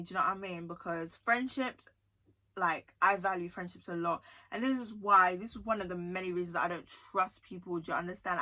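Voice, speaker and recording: A woman's voice: medium pitch, pushed and bright. A young woman telling a personal story in a chatty, emotional vlog, often checking in with her viewers. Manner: chatty, emotional, often asks 'do you know what I mean'. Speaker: vlogger.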